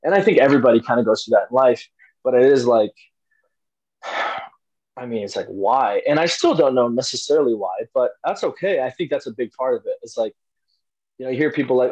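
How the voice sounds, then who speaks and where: A man's voice: medium pitch, animated, brisk, pauses often, darkish tone, husky, low-quality recording. A young man, an interview guest, telling a personal story casually with lots of fillers and restarts. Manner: rambling, many fillers and restarts.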